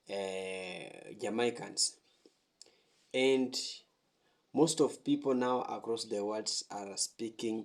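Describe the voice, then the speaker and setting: A man hosting a reaction video, explaining in slow, repetitive phrasing. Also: fairly low pitch. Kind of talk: reaction commentary.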